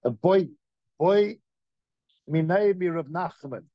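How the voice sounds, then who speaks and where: A man giving a Torah class as its teacher, in an animated, questioning way full of rhetorical questions. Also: sits high, slow, no room sound, muffled recording.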